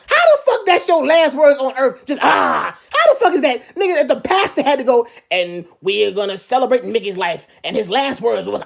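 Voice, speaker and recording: A woman rattles through a profane comedic rant at high speed. Her voice is high and gravelly, and she keeps breaking into quick, animated mimicry. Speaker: comedian vlogger.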